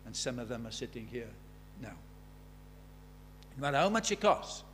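A man preaching a sermon in a church, emphatic, asking rhetorical questions and swinging from loud to hushed. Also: medium pitch, sing-song, normal speed, slight background noise.

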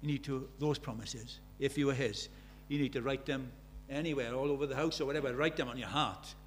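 A man's voice: medium pitch, fairly even intonation, brisk, a little hiss or hum. A British man preaching a sermon, telling stories with emphasis and repeating key phrases.

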